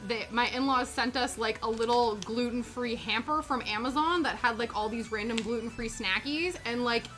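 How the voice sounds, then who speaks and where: Young woman, Canadian accent, casual livestream chat, rambling, giggly, slightly high, bright tone. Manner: chatty, giggly, rambling with many fillers. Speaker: streamer. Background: background music.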